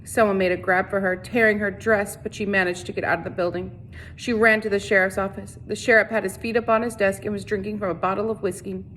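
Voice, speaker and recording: A woman teacher reading a novel aloud to her class in a steady, unhurried storytelling voice. She stumbles now and then and restarts the phrase. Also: mid-range voice, slight background noise.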